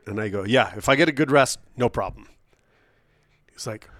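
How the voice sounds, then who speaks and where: A man co-hosting a podcast, telling a hunting story in a casual, animated way, often laughing as he acts out what people said. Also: mid-range voice, moderate pace, no echo, clean studio sound. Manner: animated, laughs often while acting out quoted dialogue. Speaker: podcast co-host.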